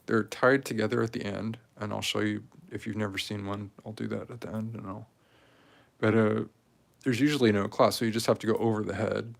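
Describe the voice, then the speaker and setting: A man in his forties talking casually and rambling while he strings beads, with many pauses and fillers. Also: on the low side, steady tone, creaky. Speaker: craft video maker. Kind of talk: casual talk while crafting.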